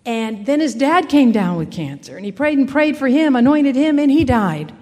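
A woman's voice: high-pitched, lively intonation, moderate pace, darkish tone, long reverb tail. A woman giving an earnest personal faith testimony in a conversational storytelling way, with frequent restarts. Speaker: speaker sharing a personal testimony.

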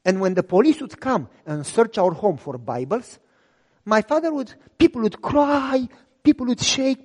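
High, animated male preacher in a hall. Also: a little slow. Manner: animated, deadpan humor. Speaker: pastor. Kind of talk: storytelling sermon.

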